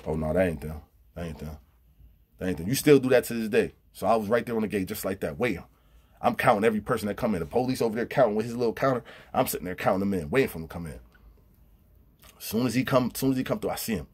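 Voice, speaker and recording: Husky low-voiced man telling prison stories. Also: very fast. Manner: animated, acts out quotes with big pitch jumps. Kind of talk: casual storytelling.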